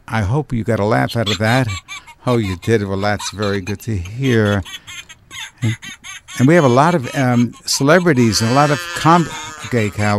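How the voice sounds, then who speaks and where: A man hosting a late-night radio show, chatting effusively with listeners and repeating his contact details. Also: lowish voice. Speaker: radio talk show host.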